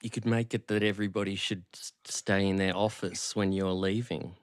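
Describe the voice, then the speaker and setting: A man's voice: low voice, steady tone, normal speed, smooth, dry recording. A man co-hosting a podcast, chiming in with amused remarks. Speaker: podcast co-host.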